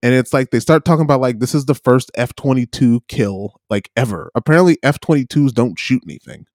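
A man's voice: medium pitch, a little fast, darkish tone, no echo, clean studio sound. A young man co-hosting a podcast, telling a rambling story in casual chat with many fillers and acted-out quotes. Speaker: podcast co-host.

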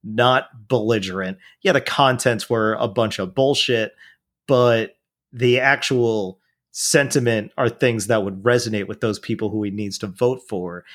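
A man talking politics in a casual chat, blunt and profane, rambling with restarts. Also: lowish voice.

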